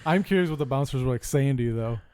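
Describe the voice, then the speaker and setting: A comedian co-hosting a podcast, throwing quick wisecracks in casual banter. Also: male voice, mid-range voice, darkish tone, clear, resonant tone, no room sound.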